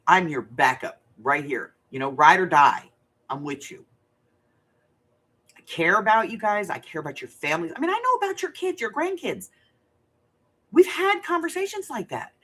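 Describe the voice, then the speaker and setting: A woman's voice: medium pitch, fairly bright tone. Grandma rambling on her craft live, blunt, no filter, talks right at the chat. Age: older. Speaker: crafting channel host. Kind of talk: casual livestream chat.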